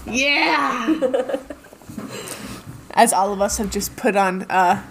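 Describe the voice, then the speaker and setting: A woman's voice: medium pitch, fairly even intonation, normal speed, noisy background. A woman running a tabletop game as game master, narrating casually with lots of laughter. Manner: laughing, casual, many fillers.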